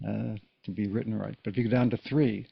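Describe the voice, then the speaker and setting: A man's voice: lowish voice, fairly even intonation, quick pace, gravelly, husky. A man giving a casual, patient Morse code lesson, explaining each step in plain words. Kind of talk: casual spoken tutorial. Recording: dull lo-fi recording.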